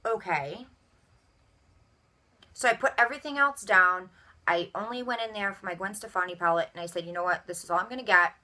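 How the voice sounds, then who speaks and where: Bright-voiced woman telling an indignant story. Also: mid-range voice, a little fast, pauses often. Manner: animated, acts out both sides of dialogue. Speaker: vlogger. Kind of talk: storytelling rant.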